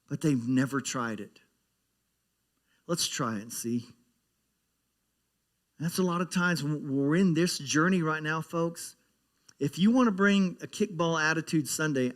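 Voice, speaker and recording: A pastor delivers a sermon in a medium-pitched voice, speaking conversationally. He often repeats words and grows more emphatic as he preaches.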